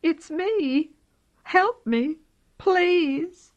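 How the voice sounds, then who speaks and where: A woman's voice: a little high, expressive, a little slow, a bit bright, pitched above the performer's own voice. A woman voicing a small, frightened young male kitten in a storybook, with a thin, shaky, pleading voice. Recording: dull lo-fi recording.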